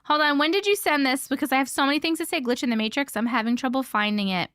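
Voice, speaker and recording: A young woman chats casually with her livestream viewers from a room at home. Her voice sits fairly high, and she talks in a scattered, playful way full of quick laughs and silly noises. The sound is dry and close, with no room echo. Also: a bit bright. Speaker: livestream host reading viewer stories. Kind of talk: casual live chat with viewers.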